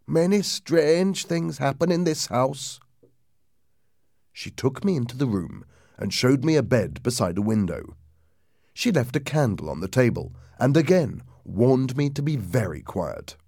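A man narrating a ghost story aloud in a lively, dramatic reading that drops low and hushed for suspense. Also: moderate pace, gravelly, slightly rough, dry recording, studio quality.

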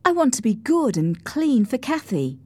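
A woman voicing a sullen, proud boy who is quick to anger, speaking stubbornly in a storybook reading. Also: high voice, big pitch swings, darkish tone, no room sound, voice pushed up. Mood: pleading. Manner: stubborn, raised voice.

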